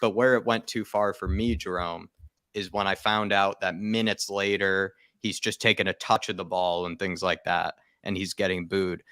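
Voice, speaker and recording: A man's voice: low voice, fairly even intonation, moderate pace, bright, forceful tone, dry recording, clean studio sound. A man hosting a football fan show, talking candidly and reflectively in casual chat.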